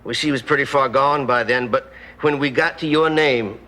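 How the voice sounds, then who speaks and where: An actor playing a solemn sitcom character who speaks in a measured way. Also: male voice, medium pitch, bright, forceful tone, natural voice.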